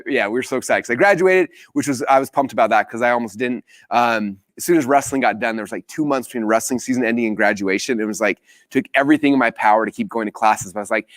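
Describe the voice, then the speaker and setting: Fast-talking energetic man telling a story. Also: medium pitch, dry recording. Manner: energetic storytelling, acting out quoted dialogue. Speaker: business coach. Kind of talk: live training talk.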